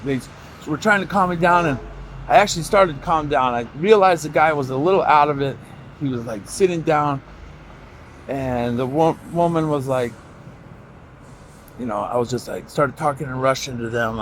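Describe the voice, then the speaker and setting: A man's voice: medium pitch, moderate pace, long pauses, a bit bright, slight background noise, low-quality recording. A man telling a long, candid personal story in a rambling vlog, swearing freely and acting out what people said. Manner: candid, profane, storytelling with reenacted quotes. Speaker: vlogger.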